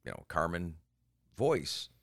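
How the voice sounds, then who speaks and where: Animated man telling stories on a podcast. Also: low-pitched, slow pace, vocal fry. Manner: animated storytelling, jumps into quoted voices. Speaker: podcast co-host and comedian. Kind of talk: casual podcast chat.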